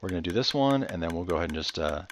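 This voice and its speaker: A man's voice: sits low, expressive, very fast, a little hiss or hum. A man giving casual, rambling gameplay commentary, chatty and enthusiastic with laid-back slang. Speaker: Minecraft let's-play host.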